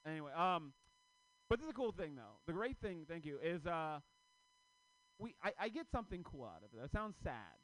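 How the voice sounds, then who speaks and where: A man in his thirties doing a stand-up comedy set, telling stories with loud, acted-out quotes. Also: on the high side, a little fast, rough recording. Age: 30s. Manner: loud, animated storytelling with shouted acted-out quotes.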